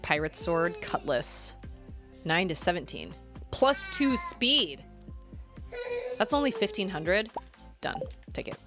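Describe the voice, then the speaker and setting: A woman in her thirties chatting casually as she streams a video game, chatty and quick to giggle. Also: on the low side, very animated. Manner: chatty, giggly, talks to chat. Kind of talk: casual gameplay chat. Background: game music.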